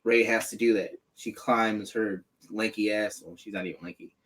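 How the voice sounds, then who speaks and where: A man chatting casually about a film on a podcast, swearing freely, laughing often and acting out lines in a raised voice. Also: moderate pace. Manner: animated, laughs often, acts out characters in high voices. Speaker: podcast co-host. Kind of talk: casual profane chat.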